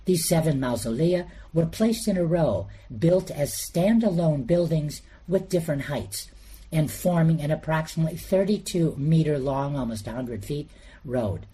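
Male narrator, warm mellow voice, measured informative read for a history documentary. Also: fairly high pitch, breathy edge. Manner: measured, explanatory, lists names and dates steadily.

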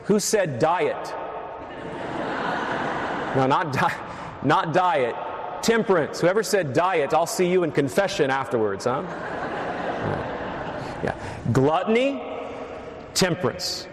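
A man's voice: on the high side, expressive, takes it slowly, long pauses, a little hiss or hum. A man preaching a sermon as a priest, teaching steadily with wry asides to the congregation. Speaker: Catholic priest. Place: church. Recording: echoey church reverb.

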